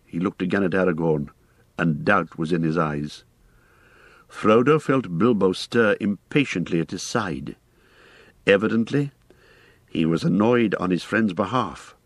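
Male audiobook narrator, measured and expressive, dry booth sound. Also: low voice, no room sound.

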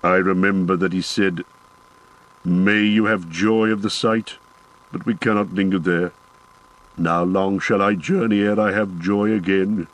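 A man voicing a proud, sorrowful dwarf warrior in an audiobook, speaking slower and heavier than his narration. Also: low-pitched, steady tone, low-quality recording. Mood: mournful. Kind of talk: audiobook character voice.

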